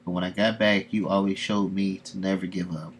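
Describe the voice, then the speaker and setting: An earnest young brother offering comfort in a comic book, read aloud by a man. The delivery is soft and plain in a low voice, hardly acted. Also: level tone, brisk, slight background noise, natural voice.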